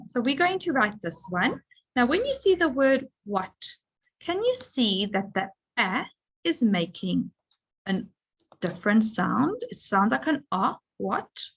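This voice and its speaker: A woman teacher giving a phonics lesson to young children, sounding out letters and words with slow, careful emphasis. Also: mid-range voice, a bit bright, breathy edge, low-quality recording.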